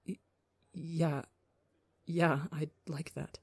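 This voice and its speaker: A woman voicing a shy, anxious young alien man who speaks softly and hesitantly. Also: lowish voice, takes it slowly, clean tone, dry recording, studio quality. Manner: soft, hesitant and stammering.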